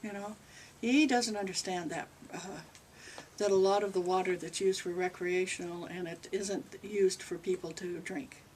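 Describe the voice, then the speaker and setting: A woman's voice: on the low side, fairly even intonation, normal speed, darkish tone. Older woman reverend, casual spiritual Q&A, heard from a distance with faint hiss. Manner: rambling, conversational, relays a spirit's answers. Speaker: channeling reverend. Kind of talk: spiritual Q&A talk to a group. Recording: distant mic with faint noise.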